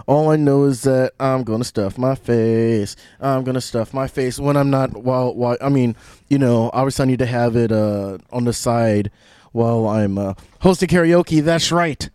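A man's voice: medium pitch, normal speed, darkish tone, clear, resonant tone, no room sound. Rambling, laughing male radio host. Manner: rambling, laughs often, restarts sentences; self-described mildly loopy. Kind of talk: casual radio chat. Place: radio studio. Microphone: studio microphone.

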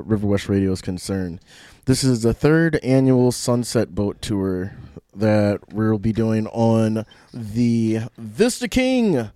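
A man's voice: fairly low pitch, mellow, clear, resonant tone, no room sound. A man hosting a radio show in casual chat, rambling and restarting his sentences, laughing often and a little loopy. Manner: self-described mildly loopy. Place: radio studio. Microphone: studio microphone.

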